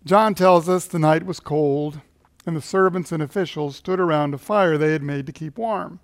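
A man's voice: a little high, normal speed. A man telling a sermon story. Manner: storytelling, chuckling at his own tale. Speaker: pastor.

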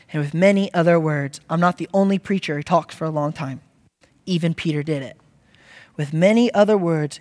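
A man preaching a sermon, building from quiet reflection to loud exhortation. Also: on the high side. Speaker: pastor. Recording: long reverb of a hall.

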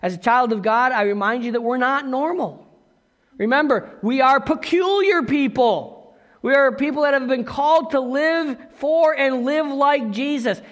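A man's voice: extremely high pitch, unhurried, a bit bright, in a large hall. A man preaching a sermon as pastor, talking conversationally with asides and questions to the congregation.

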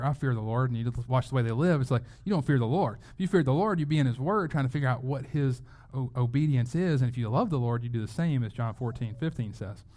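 A man's voice: medium pitch, a little mellow. A man preaching a sermon as a pastor, in a conversational way, often repeating words as he goes. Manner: conversational, with frequent word repeats.

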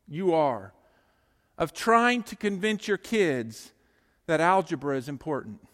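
Middle-aged guy preaching, kinda high voice, jokey storytelling, big church reverb. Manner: lively, joking storyteller who talks straight to the congregation. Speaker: pastor. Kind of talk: sermon. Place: church sanctuary.

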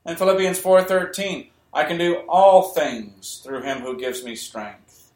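A man's voice: on the high side, moderate pace. A man preaching a sermon, emphatic and repeating key phrases, sometimes raising his voice. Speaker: pastor. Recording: echoey room.

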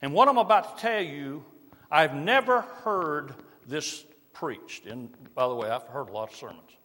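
A man's voice: a little high, lively intonation. Man preaching in a reverberant hall. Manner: varies loudness widely, drops to soft slow emphasis. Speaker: pastor. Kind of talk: sermon. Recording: long reverb of a large hall.

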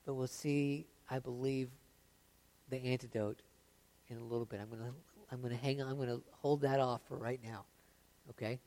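A man preaching a sermon, reading scripture aloud with rising intensity and dropping to soft confiding asides, often stammering and restarting. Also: mid-range voice, fairly even intonation, normal speed, pauses often. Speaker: pastor.

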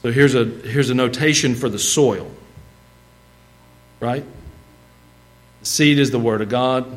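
A man's voice: mid-range voice, unhurried, rough recording. A man preaching a sermon in a church, reading scripture aloud and mixing in casual, humorous asides. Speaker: pastor. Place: church sanctuary.

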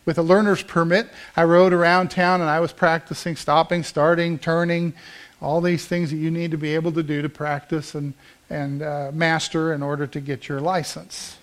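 A man's voice: on the high side, level tone, moderate pace. A man in his fifties preaching a sermon, telling a personal story in an earnest, conversational way with frequent restarts.

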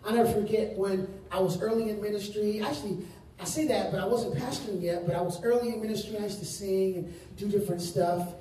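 A male pastor preaching a sermon to a congregation, stressing words and stretching out key phrases slowly. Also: sits high, fairly even intonation, mellow, slight background noise. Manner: emphatic preaching with slow drawn-out phrases. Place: large room with congregation. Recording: very echoey room, distant mic.

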